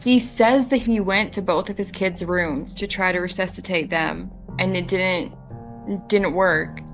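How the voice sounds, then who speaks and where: A woman hosts a casual true-crime podcast, chatting skeptically about a criminal case and quoting others in mock voices. Her lowish voice is steady and a little slow, with background music over a rough recording.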